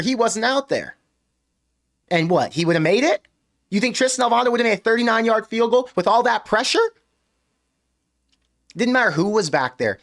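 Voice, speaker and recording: Emphatic high-voiced young man ranting. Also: fairly bright tone. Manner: emphatic, rhetorical questions, venting. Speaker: sports fan show host. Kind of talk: post-game fan reaction rant. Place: US Midwest.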